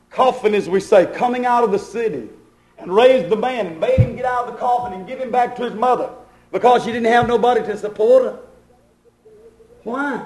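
High-voiced preacher in an echoey room. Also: male voice, a little mellow. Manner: preaching with rising pleas and repeated questions. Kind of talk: sermon.

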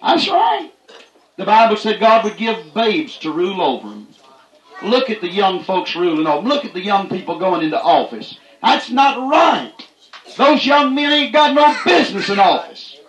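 A high-pitched man preaching a fiery country sermon. He talks in a plain folksy way, keeps coming back to the same affirmations and climbs to shouts when he drives a point home. The room rings with echo around him. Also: big pitch swings, normal speed. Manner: folksy, repeats "that's right", rises to shouts.

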